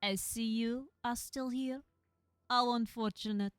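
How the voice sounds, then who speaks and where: A woman's voice: fairly high pitch, steady tone, clean tone, dry recording, natural voice. Woman doing a snooty French cat. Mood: disdainful. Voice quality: haughty, contemptuous, slow and grand. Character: haughty disdainful cat with a French manner.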